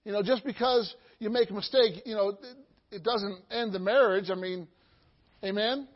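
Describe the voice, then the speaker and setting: A middle-aged pastor preaching with a very high voice, moving from hushed asides to loud, soaring exclamations. He keeps checking in with his congregation by asking "Amen?" The sound is dull and muffled. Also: moderate pace. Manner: call-and-response preaching, asking "Amen?" often. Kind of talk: sermon.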